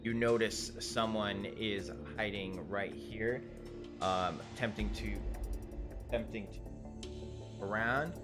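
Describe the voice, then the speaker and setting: A man narrating a tabletop game as game master, casual and halting, with many fillers and restarts. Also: fairly low pitch, fairly even intonation, music in the background.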